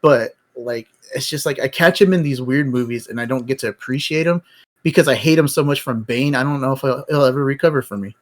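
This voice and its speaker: A man's voice: mid-range voice, brisk. A man hosting a live stream, chatting casually about movies, rambling and blunt, with plenty of swearing. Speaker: stream host. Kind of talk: casual chat.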